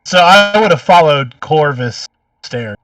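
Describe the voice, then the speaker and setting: A man's voice: fairly high pitch, animated, unhurried, fairly bright tone, distant mic. A man playing in a tabletop game, joking and talking casually with the group. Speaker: player.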